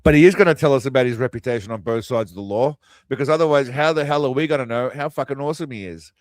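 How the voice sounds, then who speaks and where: A man's voice: medium pitch, rapid-fire, dry recording. A man hosting a crude, mocking movie commentary, tossing out quiz-style asides. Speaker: host. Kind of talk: sarcastic movie riffing commentary.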